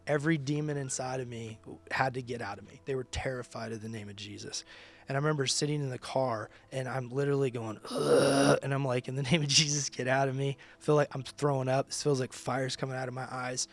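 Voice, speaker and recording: A man's voice: medium pitch, fairly even intonation, quick pace. Man telling an emphatic personal testimony. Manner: emphatic storytelling with casual slang. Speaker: ministry leader.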